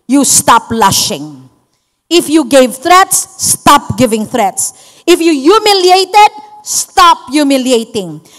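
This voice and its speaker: High-voiced Filipino woman preaching slowly. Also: a bit bright. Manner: switches into acted quotes, emphatic teaching. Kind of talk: sermon. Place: church hall. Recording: long hall reverb.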